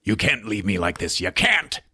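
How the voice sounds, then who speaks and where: A man voicing a weak, slimy undead man who pleads for help in a slow, low, gravelly drawl. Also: very animated, sharp tone, no room sound, clean studio sound, full character voice. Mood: desperate. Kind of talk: comic movie recap impression.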